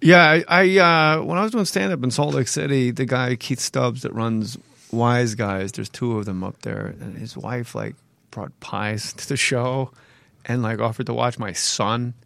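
A man's voice: mid-range voice, a little slow, gravelly, no room sound. A man, a comedian, joking and telling stories in casual chat. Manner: jokey, animated storyteller.

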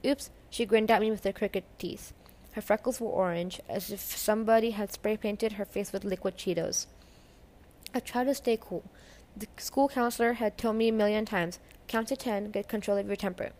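A woman reads a novel aloud audiobook-style, narrating steadily chapter by chapter at a middle pitch. Her voice is a little mellow, and she gives the characters light voices when they speak.

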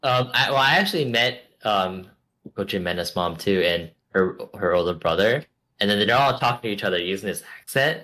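Bright-voiced man hosting a podcast. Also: lowish voice, animated, normal speed. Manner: rambling, with many fillers. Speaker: podcast host. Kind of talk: casual podcast chat.

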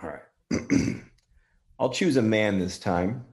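A man casually demonstrating a recording tool, earnest and gently thankful toward spirits. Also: on the low side, lively intonation, slow. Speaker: paranormal app demonstrator.

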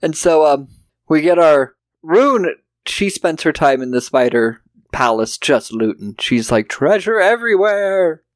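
A man's voice: a little high, expressive, measured pace, dry recording. A man co-hosting a casual film review podcast, swearing freely and acting out characters' lines as he recaps. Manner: profane, jokey, acts out characters' lines. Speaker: podcast co-host.

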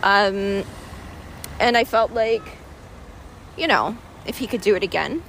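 A woman's voice: mid-range voice, animated, measured pace, a bit bright. Woman, candid vlog, emotional, rambling with fillers, outdoors, faint street traffic. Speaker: vlogger. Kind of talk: candid personal vlog monologue.

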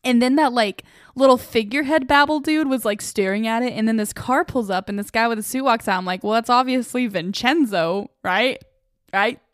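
A young woman hosting a casual solo podcast, excitable and self-mocking, laughing often as she reacts. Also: a little high, quick pace, few pauses, no echo, studio quality. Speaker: podcast host.

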